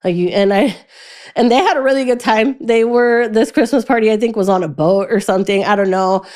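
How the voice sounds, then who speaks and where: Her slightly high voice carries a candid, painful personal story she shares as a podcast guest. She's a young adult woman who keeps breaking off and starting again, lapsing into silence at the toughest points.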